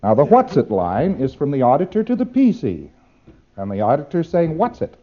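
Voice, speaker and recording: A man's voice: fairly high pitch, wildly swooping pitch, fairly quick, dull audio. A man giving a demonstrative lecture, acting out exchanges with playful repetition.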